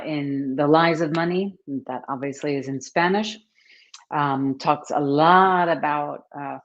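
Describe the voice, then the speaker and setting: A woman hosting a casual live stream, chatting warmly and greeting viewers by name as she talks. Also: low-pitched. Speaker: host, author and coach. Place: at home, book behind her. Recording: slightly dull, lo-fi sound.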